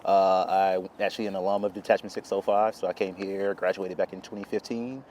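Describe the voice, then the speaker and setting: Casting: hoarse man, thirties, lowish voice, relaxed interview guest, from North Carolina. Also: fairly quick, few pauses, a little hiss or hum. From Charlotte, North Carolina. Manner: relaxed, laughs between stories, uh-filled. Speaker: guest, Air Force intelligence officer. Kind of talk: casual interview.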